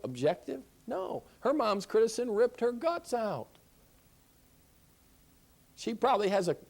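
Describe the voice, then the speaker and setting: Guy teaching christian counseling, kinda high voice, punchy, repeats himself for emphasis. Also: a little mellow. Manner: emphatic, repeats key phrases, asks rhetorical questions. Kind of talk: classroom lecture.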